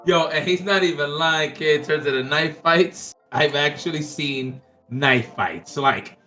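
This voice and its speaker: A man hosting a podcast in casual chat, excited and quick to laugh and swear. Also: on the high side, soft background music. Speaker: podcast host.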